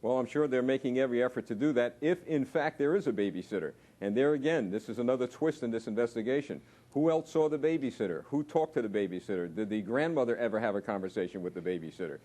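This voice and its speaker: A man who works as a detective gives his measured view as a talk show guest, with some hesitations. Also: mid-range voice, animated, warm tone.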